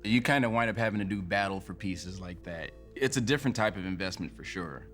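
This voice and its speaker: A laid-back man with a fairly low voice chats as an interview guest, drifting through fillers as he talks. Faint music sits beneath him. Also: brisk, a bit bright. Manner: laid-back, many fillers like "you know" and "like". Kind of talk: casual interview answers.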